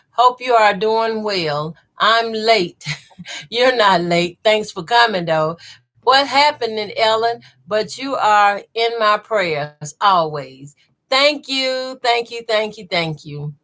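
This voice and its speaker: A woman's voice: a little high, animated, slow, fairly bright tone. A woman with a Southern accent hosting a live sewing stream, greeting viewers by name and reading their comments aloud. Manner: says y'all a lot. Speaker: quilting channel host.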